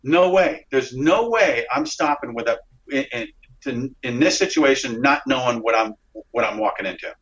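A man, an interview guest, telling a dramatic story in a rambling, excited way with frequent restarts and swearing. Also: mid-range voice, moderate pace. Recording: dull lo-fi recording.

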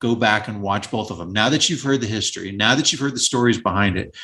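A man hosting a movie podcast, chatting excitedly and speaking directly to his listeners. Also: fairly low pitch, quick pace. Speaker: podcast host. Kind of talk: casual podcast chat.

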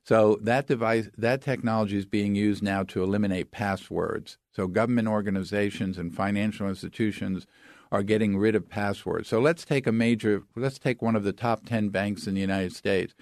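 This expert guest's voice sits on the low side, darkish and steady, at a normal speed. The studio-quality recording is dry, and in this interview he explains with authority, walking through examples step by step.

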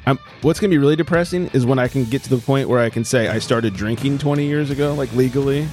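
A man's voice: mid-range voice, fast talker, darkish tone, soft background music. A man around forty with a mix of Boston and New York in his accent, hosting a casual podcast chat with upbeat, joking banter. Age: about 40. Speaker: podcast host.

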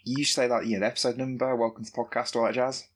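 A man's voice: mid-range voice, little pitch movement, rapid-fire, breathy edge. A man co-hosting a podcast in casual chat, dry and matter-of-fact. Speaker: podcast co-host.

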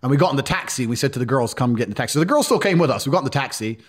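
A man's voice: medium pitch, lively intonation, racing, slightly rough. A man telling stories as a podcast guest in a blunt, profane, casual way. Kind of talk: casual storytelling.

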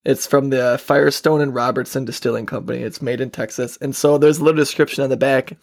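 A man's voice: mid-range voice, fairly even intonation, fast, gravelly, no echo, clean studio sound. A man co-hosting a casual political talk show, sarcastic and joking, laughing often. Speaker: podcast co-host.

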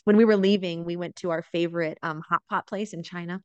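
A woman's voice: fairly low pitch, fairly quick, clear, resonant tone, no room sound, highs cut off. A woman in her thirties, a mother of four, telling family stories in a casual interview and often checking in with "right?". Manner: animated storyteller, often adds "right?". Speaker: guest, mother of four living abroad.

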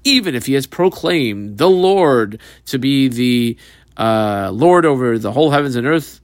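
A man's voice: mid-range voice, lively intonation, measured pace, no echo, studio quality. A man teaching a Talmud class, reading Aramaic phrases and explaining them in English with many fillers.

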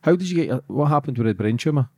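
A Scottish man in his thirties, hosting a podcast, asking halting, gentle interview questions. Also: mid-range voice, lively intonation, slightly rough, no room sound, clean studio sound. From Scotland. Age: 30s. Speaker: podcast host.

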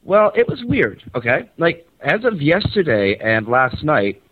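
A man hosting a radio show, phoning in from a hotel conference center, rambling and animated as he tells a story and swears casually. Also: a little high, unhurried. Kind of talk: casual phoned-in radio chat. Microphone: phone. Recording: tinny, dry phone line.

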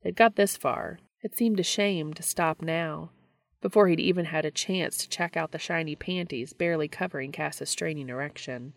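A woman narrating a story aloud in a steady, even reading voice. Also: low-pitched, moderate pace, gravelly, dry recording. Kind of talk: audiobook reading of fan fiction.

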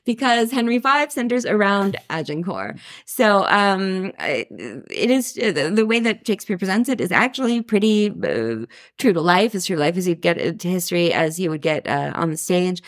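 A woman's voice: mid-range voice, big pitch swings, moderate pace. A woman co-hosting a podcast in casual chat, talking loosely with many fillers and frequent laughs. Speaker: podcast co-host.

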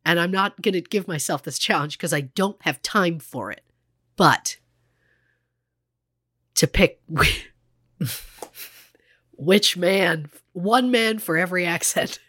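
A woman's voice: on the low side, slow, long pauses, fairly bright tone, dry recording. A woman co-hosting a casual true crime podcast, chatty, full of fillers and acted-out quotes, close to the mic. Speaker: podcast co-host.

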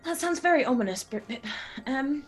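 A woman's voice: sits high, expressive, fairly quick, soft background music. A woman playing her character in a tabletop game, talking hesitantly and politely, with many fillers. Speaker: player. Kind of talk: in-character role-play chat.

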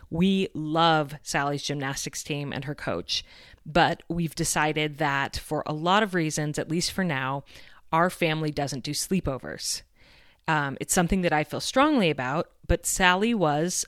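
A woman in her thirties with a low, smooth voice hosts a podcast, speaking in a candid and earnest personal storytelling monologue. Her tone stays openly reflective, and the sound is dry and close, with no room echo. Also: a bit bright. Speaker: podcast host.

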